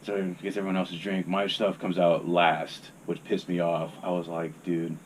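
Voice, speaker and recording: A man's voice: deep voice, level tone, moderate pace, a little hiss or hum. A young man, a podcast guest, telling a rambling, laid-back story in casual chat and swearing freely.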